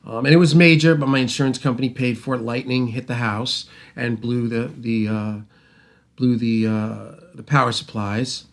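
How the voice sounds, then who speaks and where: A middle-aged man hosting a talk show, telling a rambling, animated story with restarts and acted-out quotes. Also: medium pitch, normal speed, gravelly. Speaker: host, mixing engineer. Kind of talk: casual storytelling monologue.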